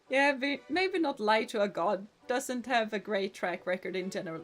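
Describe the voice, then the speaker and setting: A woman's voice: medium pitch, expressive, slow, long pauses, soft background music. A woman streaming a video game, giving casual, playful commentary, often giggling and reading game text aloud. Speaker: VTuber streamer.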